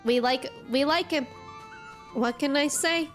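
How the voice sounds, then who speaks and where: A woman's voice: high-pitched, measured pace, soft background music. A young woman streaming a game, chatting casually, reading chat messages aloud and reacting to them.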